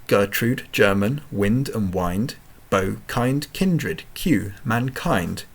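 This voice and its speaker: Slow, gravelly man reciting verse. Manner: slow, carefully enunciated, lively pitch. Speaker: poetry reader. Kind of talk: deliberate recitation of a poem.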